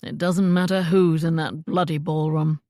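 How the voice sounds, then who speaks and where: A woman's voice: deep voice, steady tone, normal speed, mellow, no echo, clean studio sound, lightly acted. A woman voicing an ardent Regency earl. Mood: fervent. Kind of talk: audiobook character voice.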